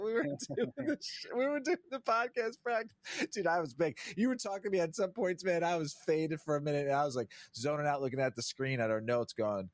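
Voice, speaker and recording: A man co-hosting a podcast in casual chat, rambling and swearing constantly, laughing loudly at his own stories on a studio mic. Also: on the high side, expressive, brisk, dry recording. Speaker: podcast co-host.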